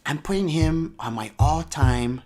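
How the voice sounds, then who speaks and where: A performer plays an elderly woman from a retirement home reviewing movies in a comedy sketch. She is opinionated and rambling, stumbling over her words as she works through long lists. Her pitch sits in an ordinary middle range. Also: a little slow, darkish tone, natural voice.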